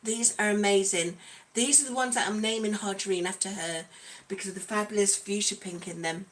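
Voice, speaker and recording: A woman's voice: medium pitch, steady tone, a little fast, a little hiss or hum. A woman hosting a casual livestream, chatty and bubbly, calling out her viewers by name. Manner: playful, breaks into song. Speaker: livestream host.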